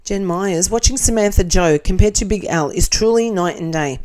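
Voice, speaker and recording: A middle-aged Australian woman in a casual commentary chat, reading viewer comments aloud. Her voice is mellow and warm, at a middle pitch. She throws in blunt, sarcastic asides and laughs between lines. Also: moderate pace.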